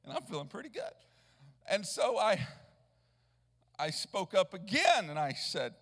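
Brief: male evangelist, very high gravelly voice, rambling storyteller who swells into a chanting sermon cadence, long church reverb. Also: sing-song, unhurried, long pauses, a bit bright. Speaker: traveling evangelist preacher. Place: church sanctuary.

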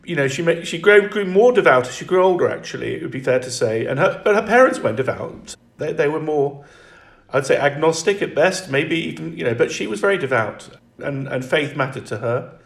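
A man speaking as an interview guest in reflective conversation, halting and restarting often. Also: a little high, expressive, vocal fry, roomy sound.

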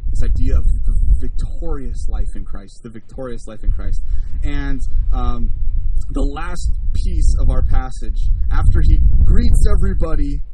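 A man preaching a sermon, animated, drawing the congregation into call and response. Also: mid-range voice, measured pace, recorded from a distance, very noisy.

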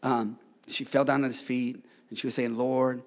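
A middle-aged man preaching a sermon as pastor, swinging from hushed tones to shouted calls for the congregation to answer. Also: mid-range voice, flat delivery, moderate pace, few pauses, big-room sound. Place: church sanctuary.

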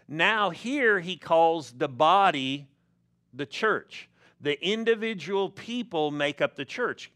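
A man preaching a sermon as pastor, slow and emphatic, with stressed words rising. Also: on the high side, expressive, pushed and bright, smooth. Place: church sanctuary.

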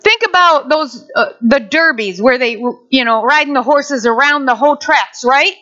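Woman pastor, sermon, bright and sharp tone, dull lo-fi recording. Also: high voice. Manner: animated, acts out quick voices. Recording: dull lo-fi sound.

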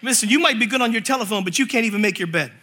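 A man preaching a sermon, reading scripture slowly and telling animated stories with jokes. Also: sits high, noisy background. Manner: animated storytelling, jokes and voices; reads scripture slowly and forcefully. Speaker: pastor.

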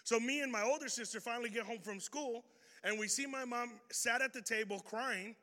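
A man preaching an energetic sermon, telling a story and swinging between loud bursts and hushed lines. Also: extremely high pitch, a little fast. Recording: reverberant hall.

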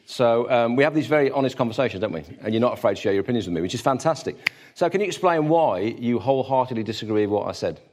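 A man's voice: mid-range voice, lively intonation, fast talker, hardly any pauses, a little mellow. A man hosting an interview, friendly and inquisitive in how he asks his questions. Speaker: host.

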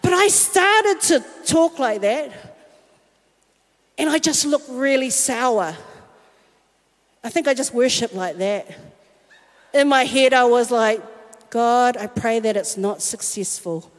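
A woman giving a personal testimony sermon, telling her story in a lively way and acting out the voices she quotes. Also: fairly high pitch, slow, pauses often. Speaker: worship singer and speaker. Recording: long reverb of a large hall.

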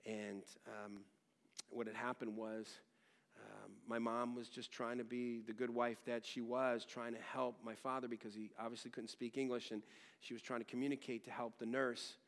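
A middle-aged man delivering a sermon with a mid-range voice. He moves between loud, emphatic teaching and quiet, hushed storytelling. His tone is frank and personal, with frequent restarts. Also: mid-range voice, level tone, normal speed. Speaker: pastor.

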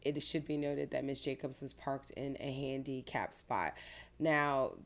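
A woman from Florida, an attorney, lays out events in earnest detail. Her voice sits very low. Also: steady tone, measured pace. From Pinellas County, Florida. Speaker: guest attorney. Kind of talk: interview answers.

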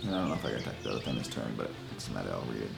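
A man's voice: a bass voice, big pitch swings, rapid-fire, vocal fry, faint music behind. A man playing a tabletop game, muttering dice sums and laughing with friends. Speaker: player. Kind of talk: casual tabletop game chat.

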